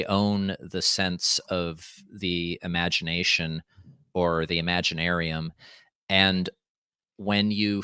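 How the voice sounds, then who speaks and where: Guest: man, low resonant voice, rambling and reflective, dry room. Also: sharp tone, smooth, no echo. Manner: rambling, thoughtful, restarts and fillers. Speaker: podcast guest. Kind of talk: casual conversation.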